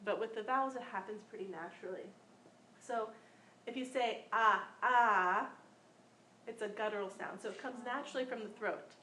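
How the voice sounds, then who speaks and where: A woman's voice: mid-range voice, fast talker. A woman teaching a small class in an informal way. She patiently demonstrates each sound aloud and repeats it. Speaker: Sanskrit pronunciation teacher. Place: room with students present. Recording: echoey room with faint background noise.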